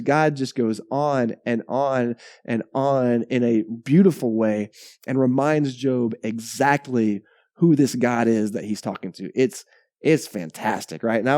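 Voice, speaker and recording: A male pastor preaching a sermon in a conversational, animated way, often checking in with "right?" and repeating words. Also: mid-range voice, no echo, clean studio sound.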